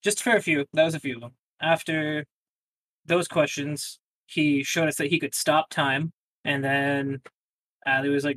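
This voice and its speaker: A man casually recapping a tabletop game session, rambling and slipping into quick quoted lines. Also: fairly high pitch, steady tone, a bit bright, no room sound, poor audio.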